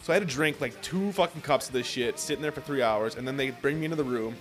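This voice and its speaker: A man's voice: medium pitch, quick pace, soft background music. Profane young man telling a story. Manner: profane, animated storytelling with acted-out quotes. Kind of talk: casual storytelling chat.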